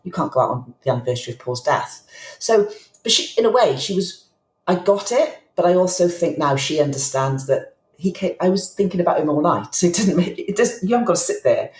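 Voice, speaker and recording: Her pitch fairly low and her tone darkish, a middle-aged woman guesting on a podcast talks in an animated, slightly fast way. She shares personal stories with candor, emotion, and reflection, repeatedly restarting her sentences, in a recording with roomy echo.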